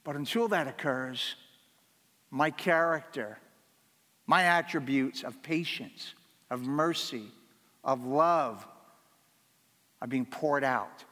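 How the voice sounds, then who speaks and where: A pastor giving a sermon, earnest and emphatic, repeating key phrases for weight. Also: male voice, mid-range voice, takes it slowly, pauses often, pushed and bright, in a large hall.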